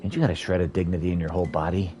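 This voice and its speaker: A man's voice: low-pitched, steady tone, very fast, warm tone, faint music behind, lightly acted. A man voicing a brash, blunt warrior woman in a game, scolding in folksy slang. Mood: scornful.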